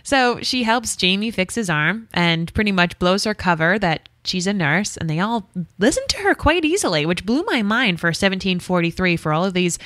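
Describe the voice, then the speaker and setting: A woman's voice: mid-range voice, lively intonation, normal speed, few pauses, a bit bright, no room sound, clean studio sound. A woman co-hosting a podcast in casual chat, wry and teasing. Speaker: podcast co-host.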